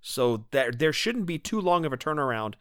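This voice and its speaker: A man's voice: a little high, sing-song, moderate pace, fairly bright tone, dry recording, clean studio sound. A man co-hosting a casual podcast chat, enthusiastic and emphatic. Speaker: podcast co-host.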